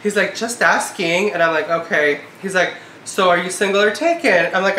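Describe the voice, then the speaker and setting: A woman in her twenties talks through a casual vlog, her words full of "like" and a note of exasperation. Her voice has a bright, sharp edge. The recording has a roomy echo. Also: on the low side, normal speed, hardly any pauses, slight background noise. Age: 20s. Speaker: vlogger. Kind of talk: casual chat. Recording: echoey room.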